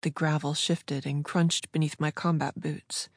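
A woman narrating fiction in a smooth, measured storytelling voice. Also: sits low, level tone, dry recording. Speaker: audiobook narrator. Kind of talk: scripted narration.

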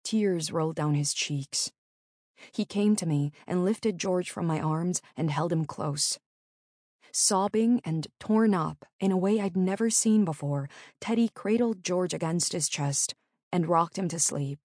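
A middle-aged woman narrating her own memoir in an earnest, measured storytelling manner. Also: on the low side, darkish tone, no room sound, clean studio sound.

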